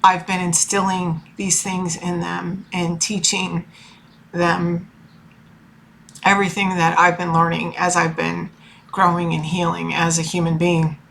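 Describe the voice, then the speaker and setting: A woman's voice: lowish voice, level tone, unhurried, creaky, fairly bright tone, slight background noise. A woman in her forties talking about her family in a personal vlog, emotional and rambling, full of fillers and restarts. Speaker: tarot reader and life coach.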